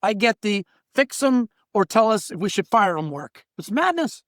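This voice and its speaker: A middle-aged diversity trainer and workplace coach tells blunt stories in a podcast interview, acting out the people he quotes. His voice sits high and is very animated and fairly bright, at a normal speed. The recording is dry and studio quality.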